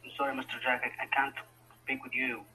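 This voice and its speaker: A man, speaking halting, broken as an upset caller on a voice chat. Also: mid-range voice, completely flat delivery, sharp tone. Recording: tinny voice-chat line.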